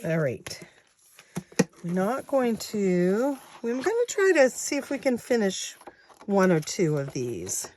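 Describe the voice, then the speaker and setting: A woman in her sixties chatting casually to her viewers, counting money out loud as she goes. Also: medium pitch, sing-song, slow pace, slight background noise. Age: 60s. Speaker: savings challenge vlogger.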